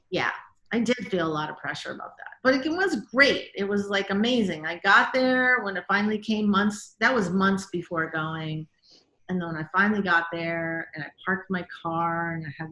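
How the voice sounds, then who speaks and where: A woman director speaking in an interview, telling animated stories full of quoted reactions and frequent "like"s. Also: lowish voice, echoey room. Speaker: guest, TV director. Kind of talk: casual interview storytelling.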